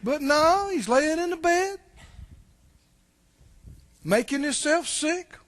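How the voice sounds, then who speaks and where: A male pastor preaching a sermon, animated and full of rhetorical questions. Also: extremely high pitch, slow.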